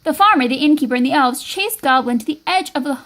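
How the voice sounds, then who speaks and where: Woman reader, high voice, lively read-aloud for kids. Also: fast, low-quality recording. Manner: expressive, lively storytelling. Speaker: storybook reader.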